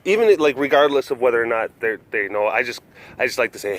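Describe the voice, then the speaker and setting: This man vlogs while strolling through an animal sanctuary for big cats, chatting loosely and laughing a lot. He talks fast and expressively in a medium pitch with a fairly bright tone.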